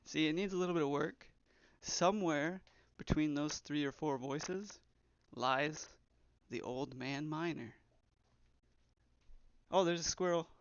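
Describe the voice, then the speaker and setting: A man's voice: on the high side, slow pace, smooth, no room sound. A young man who develops games, chatting casually on a live stream, rambling and reading chat aloud. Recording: slightly dull, lo-fi stream audio.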